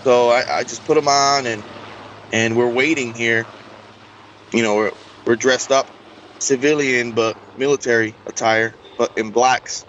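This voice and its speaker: A man's voice: medium pitch, measured pace, slight background noise. Man animatedly telling a story, lo-fi. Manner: animated, acts out quoted dialogue. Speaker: interview guest. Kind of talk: casual storytelling.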